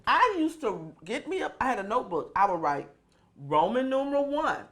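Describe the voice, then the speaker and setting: Comedian woman, lively storyteller who plays out every character. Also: a little high, moderate pace. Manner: animated storyteller, acts out quoted voices. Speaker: comedian guest. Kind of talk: casual storytelling chat.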